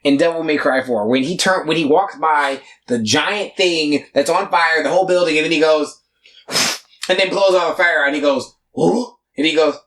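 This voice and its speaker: A man's voice: on the high side, normal speed, fairly bright tone. A young man co-hosting a casual anime podcast, acting out character lines and laughing often. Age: young adult. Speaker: podcast co-host.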